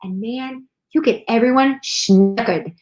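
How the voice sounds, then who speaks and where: A woman chatting casually on a livestream, bubbly and excitable, talking straight to viewers. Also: a little high, unhurried. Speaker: co-host. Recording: echoey room.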